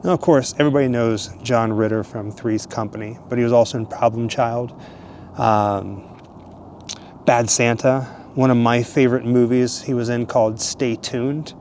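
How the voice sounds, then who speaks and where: A man's voice: mid-range voice, moderate pace, slight background noise. Man chatting casually at graves. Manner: relaxed, chatty, chuckling asides. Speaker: vlogger, host. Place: outdoor cemetery.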